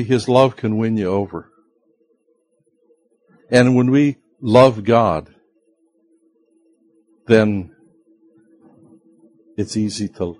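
A man preaching a sermon in a slow, earnest way, sometimes rising sharply in pitch and loudness for emphasis. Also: dry recording. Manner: acts out quoted voices of listeners. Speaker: pastor.

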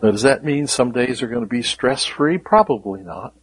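A man preaching a sermon, earnest, repeating key words and dropping to a hushed voice when quoting scripture. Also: mid-range voice, expressive, normal speed, slightly rough, rough recording.

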